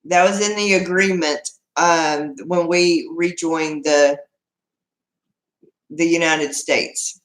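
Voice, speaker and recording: A woman's voice: fairly low pitch, steady tone, takes it slowly, roomy sound. A woman from Texas with a Texan accent, hosting a casual live chat and answering viewer comments in a chatty, proud way. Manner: chatty, proud, laughs often, restarts sentences.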